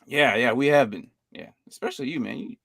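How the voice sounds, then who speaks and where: A man chats loosely as a podcast host, laughing often and stumbling through text he reads aloud. His voice sits in a middle pitch. The sound is close and dry. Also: lively intonation, a little fast, gravelly, a bit bright, breathy edge, dry recording. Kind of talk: casual chat, reacting to a video.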